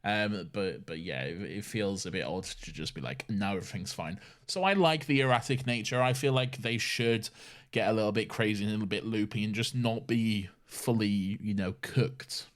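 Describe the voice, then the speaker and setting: A man's voice: on the low side, normal speed. A man co-hosting a podcast in casual chat, rambling and often restarting his sentences. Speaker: podcast co-host.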